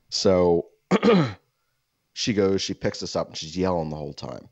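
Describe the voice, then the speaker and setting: A man with a very low, deep voice tells a meandering story, leaning on "like" and "you know" as he goes. The sound is dry and close, slightly dull and lo-fi, and he drops into put-on voices for the people he quotes. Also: animated, a little slow, a little mellow, no echo. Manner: rambling, heavy "like" fillers. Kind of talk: casual anecdote.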